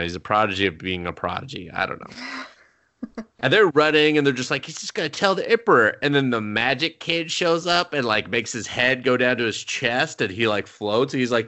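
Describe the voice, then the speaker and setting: A man co-hosting a podcast in casual chat, animated and profane, laughing often as he recaps shows over a remote call. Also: medium pitch. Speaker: podcast co-host.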